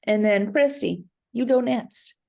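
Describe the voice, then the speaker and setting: A bubbly woman on a video call, excitedly announcing a gift card winner. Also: fairly high pitch, a little slow, gravelly. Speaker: co-presenter giving away prizes.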